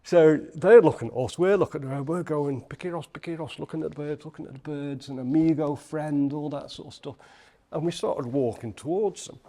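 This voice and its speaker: A man's voice: a little high, brisk, vocal fry. A man from Liverpool with a Liverpool accent, a podcast guest telling a story in casual chat and acting out the voices he quotes. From Liverpool, England. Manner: animated, acts out voices in quotes.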